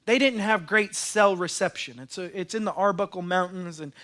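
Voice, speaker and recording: A man's voice: high-pitched, moderate pace, fairly bright tone. A man, preaching a sermon as pastor in an earnest, storytelling way.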